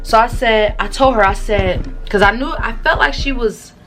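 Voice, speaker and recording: Young woman, casual storytime, slangy chatter, to camera in bedroom, soft music behind. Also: fairly high pitch, normal speed. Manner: slangy, chatty, talks straight to viewers. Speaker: vlogger. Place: her bedroom.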